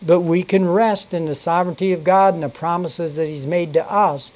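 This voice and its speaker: A Bible teacher reading scripture aloud and then explaining it, unhurried, stopping to check notes and correct themself. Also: medium pitch, steady tone, a little mellow, low-quality recording.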